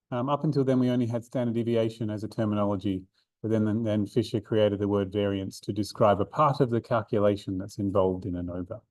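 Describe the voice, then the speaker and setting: The speaker, a man with a mellow, medium-pitched voice recorded dry, coordinates a maths learning centre. He draws notes in a room for an overhead camera and goes through a revision seminar step by step, stumbling into fillers and restarts.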